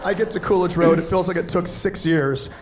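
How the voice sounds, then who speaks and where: Animated man telling a stand-up story. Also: high-pitched, a little fast, noisy background. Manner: animated, acts out other people's voices. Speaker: stand-up comedian.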